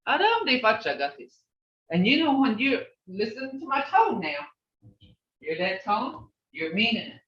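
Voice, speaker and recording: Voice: medium pitch, very animated, a little slow, fairly bright tone, far from the mic. A language teacher leading an online class, patiently repeating phrases to model their tone. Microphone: video call. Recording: roomy, dull video-call audio.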